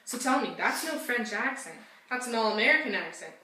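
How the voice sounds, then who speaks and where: A woman's voice: on the high side, animated, a little fast, bright, forceful tone. A young woman playing a talk-show hostess who interviews her guests in a gushing, sympathetic way. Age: young adult. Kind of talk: school-project talk-show role-play. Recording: echoey room, distant mic, faint hum.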